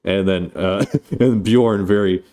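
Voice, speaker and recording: Casual streamer, male, deep and dark-toned, loose and foul-mouthed. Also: slow pace. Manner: rambling, profane, playful. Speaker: streamer reviewing a film. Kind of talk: casual live-stream chat.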